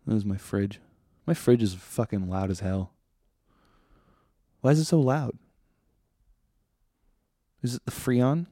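A man's voice: on the low side, animated, takes it slowly, pauses often, dark tone, no echo, clean studio sound. A man hosting a podcast, delivering a casual comedic monologue in a sardonic, ranting, profane way. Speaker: podcast host.

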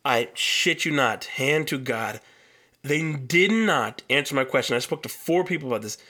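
A man's voice: medium pitch, animated, moderate pace, sharp tone. A young man hosting a solo podcast, telling a long story in a heated, profane rant. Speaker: podcast host.

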